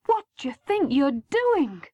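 A woman voicing an upset middle-aged mother in a storybook reading, sharp and scolding. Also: high-pitched, sing-song, unhurried, dry recording, pitched above the performer's own voice. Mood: scolding, exasperated. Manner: shouting, scolding.

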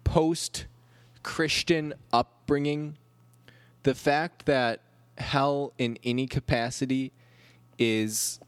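A man's voice: mid-range voice, fairly even intonation, very slow, pauses often, clean tone, dry recording. A man hosting a comedic solo podcast, rambling through wry, self-deprecating asides. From United States. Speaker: podcast host.

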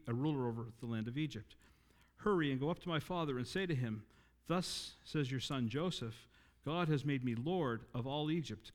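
Earnest male preacher in a reverberant hall. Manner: earnest, rises in pitch and volume for emphasis, slows on key lines. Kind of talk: sermon.

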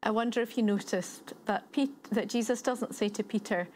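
A woman's voice: fairly high pitch, moderate pace, few pauses, a little mellow, slight background noise. A woman giving a sermon, retelling a story in a conversational way and building points through repetition. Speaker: preacher.

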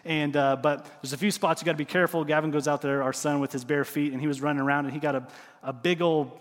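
Middle-aged guy preaching, fairly high voice, lots of echo, gets loud then goes real quiet. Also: fast. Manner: animated storytelling, drops to quiet emphasis. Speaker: pastor. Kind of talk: sermon.

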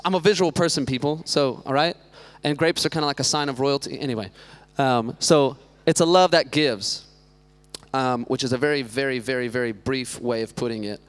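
A man in his thirties preaching a relaxed sermon, full of quips and side jokes. His voice is smooth and clear, at a middle pitch for a man. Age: 30s. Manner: joking, chatty asides. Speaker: youth pastor. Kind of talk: casual sermon.

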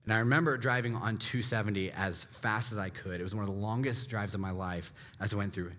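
Pastor preaching in conversational tones. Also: male voice, lowish voice, steady tone, a little fast, fairly bright tone. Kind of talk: sermon.

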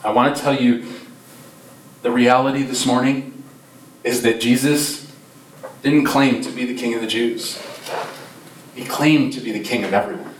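Guy preaching a christmas sermon, gets loud then soft for emphasis, roomy church sound, mic kinda far off. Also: mid-range voice, fairly even intonation, normal speed, pauses often, a little hiss or hum. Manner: impassioned, rises and drops in volume for emphasis. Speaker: pastor. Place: church sanctuary.

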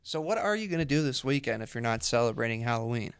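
A man's voice: medium pitch, big pitch swings, smooth, no room sound. A man co-hosting a radio comedy show, bantering and teasing playfully. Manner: teasing, playful, quick to laugh.

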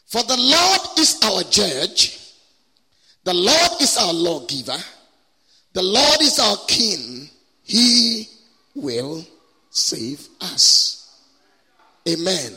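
A guest preacher delivers a sermon with prayer and call-and-response, impassioned and drawing his words out in a slow, stretched cadence. His high, bright, husky voice swoops widely with big pitch swings and vocal fry, and a large church hall adds long reverb.

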